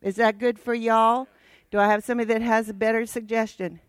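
A woman's voice: on the high side, flat delivery, a little fast, dry recording. A woman Bible teacher giving a casual, teasing and direct church lesson to a worship team.

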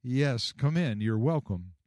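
A man as a steady, plain-spoken carpenter. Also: medium pitch, takes it slowly, no echo, studio quality. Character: humble carpenter husband, warm and steady.

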